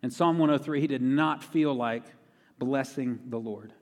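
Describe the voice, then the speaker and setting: A man's voice: medium pitch, normal speed, a little mellow. Guy giving a sermon, chatty, repeats stuff for emphasis, long reverb like a big church hall. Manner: conversational, repeats key phrases for emphasis. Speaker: pastor.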